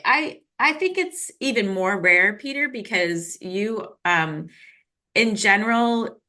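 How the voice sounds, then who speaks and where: Bright-voiced woman interviewer. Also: medium pitch. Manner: warmly affirming, quick when talking. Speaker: interview host. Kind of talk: conversational interview.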